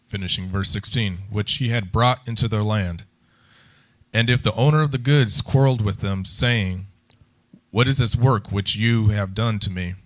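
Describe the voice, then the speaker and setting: A man with a fairly low voice reads scripture passages aloud. His reading is steady and measured, without flourish. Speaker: scripture reader.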